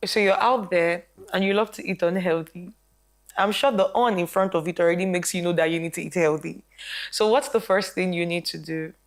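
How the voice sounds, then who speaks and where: Animated woman sharing health stories. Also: lowish voice, brisk. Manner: animated storytelling, quotes people. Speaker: guest health practitioner. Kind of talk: casual panel talk.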